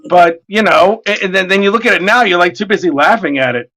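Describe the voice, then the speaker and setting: A man in his forties chatting casually as he works, an animated, rambling storyteller with plenty of swearing. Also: high-pitched, fast. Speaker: artist streaming his work. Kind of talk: casual chat.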